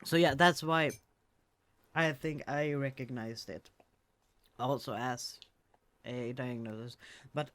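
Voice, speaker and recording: Slow, halting man on a podcast. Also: mid-range voice, fairly even intonation, a bit bright. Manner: hesitant, restarts phrases. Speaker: podcast co-host. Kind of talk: casual movie discussion.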